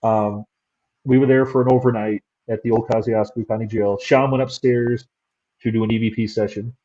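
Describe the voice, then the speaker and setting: Over dull-sounding audio, a man who investigates the paranormal rambles through stories as a guest in a casual interview chat. He speaks at a moderate pace in a steady, mellow, medium-pitched voice.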